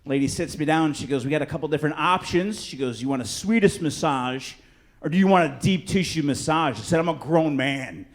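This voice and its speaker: Brash high-voiced man doing stand-up. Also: a little fast. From Chicago. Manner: crowd work, brash punchy delivery with swearing. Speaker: stand-up comedian. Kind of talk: stand-up comedy set. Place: comedy club stage. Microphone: handheld stage mic.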